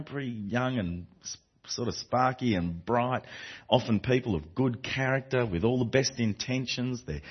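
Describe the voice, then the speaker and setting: A man delivers a sermon to a congregation in a slightly husky voice. His pitch rises and falls with lively emphasis as he repeats phrases and restarts lines. The recording is muffled and lo-fi. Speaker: preacher. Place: church before a congregation. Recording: dull lo-fi recording.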